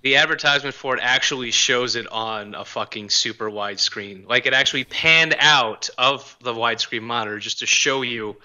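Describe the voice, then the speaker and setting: A man's voice: medium pitch, moderate pace, hardly any pauses, pushed and bright, rough recording. A man co-hosting a podcast, joking crudely and mocking himself in casual chat. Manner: self-mocking, crude humor. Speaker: podcast co-host.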